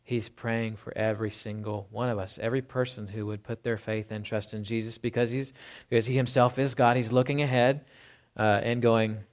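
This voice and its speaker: A man preaching a sermon in a relaxed, conversational way, often checking in with "right?" and slowing down to read scripture. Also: lowish voice. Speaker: pastor.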